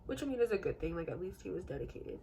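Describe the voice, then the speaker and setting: A woman's voice: fairly low pitch, sing-song, very fast, warm tone, a little hiss or hum, rough recording. Chatty young woman telling a spooky story. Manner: chatty, lots of fillers like "like" and "um". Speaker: beauty vlogger telling a true-crime story. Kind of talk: casual storytelling while doing makeup.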